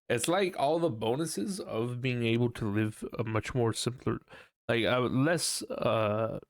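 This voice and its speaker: Speaking slowly at a medium pitch, a young man rambles through his casual solo podcast, cursing frequently. He cracks himself up and mimics how he sounds when panicked. The sound is dry and cleanly studio-recorded.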